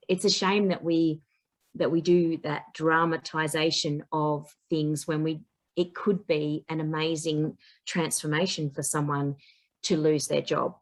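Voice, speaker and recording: A woman coach and teacher, a podcast guest, chatting casually and telling lively stories in which she acts out what people said. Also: low voice, unhurried. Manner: animated storyteller who acts out quotes. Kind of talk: casual chat.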